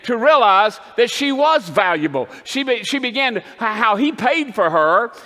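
High, bright-voiced preacher man in a reverberant church. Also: sing-song, normal speed. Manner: rousing, calls for amens and builds to shouting. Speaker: pastor. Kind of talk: sermon. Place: church sanctuary.

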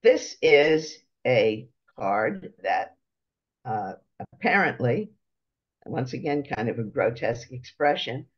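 Unhurried man lecturing over slides, lo-fi. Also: mid-range voice, expressive. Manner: unhurried, pausing, explaining each picture.

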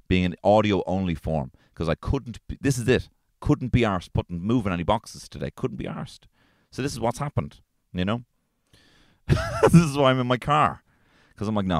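A man's voice: lowish voice, no room sound. A man with an Irish accent hosting a solo comedy podcast from inside his car, ranting in an exasperated, profane way. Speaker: podcast host.

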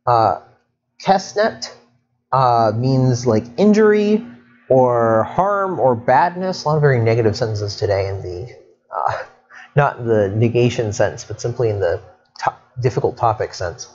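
A man's voice: medium pitch, normal speed. Chatty male Egyptology lecturer, slightly muffled. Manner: lively, chatty teaching with asides and self-corrections. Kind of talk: explanatory lecture.

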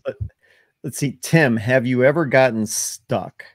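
A man of middle pitch co-hosts a live video-call chat. He cuts in to ask questions and sums up what he has heard. The sound is dry and close. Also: unhurried, dry recording. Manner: interrupts to ask questions and recap. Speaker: livestream co-host. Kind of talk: casual livestream chat.

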